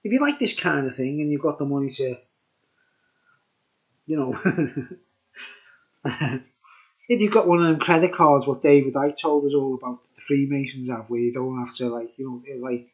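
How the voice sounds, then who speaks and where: A man's voice: medium pitch, moderate pace, pauses often, lo-fi sound. A tipsy man rambling through a casual beer review, chuckling often and dropping conspiratorial asides.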